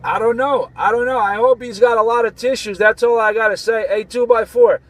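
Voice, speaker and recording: A man's voice: extremely high pitch, steady tone, brisk, low-quality recording. A man in a vehicle bantering on CB radio, teasing other drivers and repeating his catchphrases. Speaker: trucker on CB radio.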